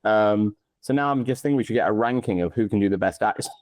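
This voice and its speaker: Male podcast host, low voice, upbeat, teasing, chatty, dry sound. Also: fast, a little mellow, dry recording. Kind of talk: casual interview chat.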